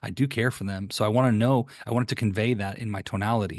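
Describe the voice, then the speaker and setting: A man's voice: fairly low pitch, steady tone, fast, few pauses, no echo, clean studio sound. A man coaching on sales calls in a loose, conversational way, often restarting words and acting out sample lines. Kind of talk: conversational teaching with screen share.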